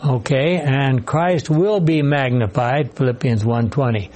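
A man leads a Bible study group, calling on readers and breaking in with his own comments and corrections. His mid-range voice has a darkish tone, and he keeps a measured pace.

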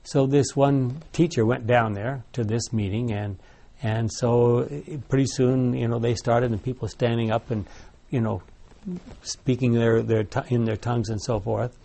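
A man's voice: mid-range voice, steady tone, measured pace, gravelly, warm tone. Guy running a bible study, asks questions, tells stories, lots of restarts. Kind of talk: group discussion leading.

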